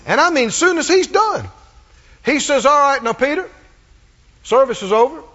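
A man's voice: very high voice, lively intonation, normal speed, sharp tone. A man preaching a sermon, emphatic and repetitive, drawing call-and-response from his congregation. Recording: muffled recording in a reverberant hall.

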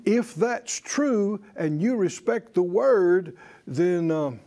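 A man's voice: high voice, expressive, takes it slowly, warm tone. A man preaching a sermon to a congregation, emphatic and leading them in call-and-response. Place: church service with congregation.

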